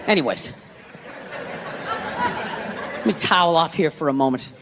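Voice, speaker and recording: A man's voice: a little high, expressive, a little slow, a crowd in the background, noisy background. Ranting, swearing stand-up comedian man. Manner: ranting, profane, shouting bursts. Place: large comedy venue on stage. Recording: live hall with loud audience. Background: audience laughter.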